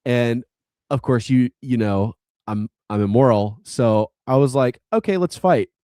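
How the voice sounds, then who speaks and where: A man's voice: medium pitch, fairly even intonation, a little slow, mellow, smooth. A man talks through a video game plot on a podcast, rambling along with many likes and restarts. The sound is dry and close, with no room echo. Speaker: podcast co-host. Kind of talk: casual chat retelling a game story.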